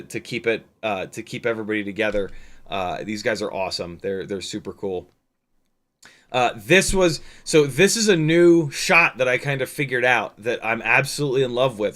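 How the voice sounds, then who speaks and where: A man's voice: medium pitch, fairly bright tone. A man talking casually on a livestream, rambling over his footage with lots of fillers, restarts and the odd swear. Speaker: drone pilot and streamer.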